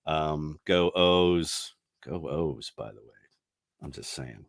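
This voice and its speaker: A man's voice: extremely low pitch, lively intonation, takes it slowly, creaky. A middle-aged man hosting a casual podcast, chatty and rambling, laughing often and restarting his sentences. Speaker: radio host.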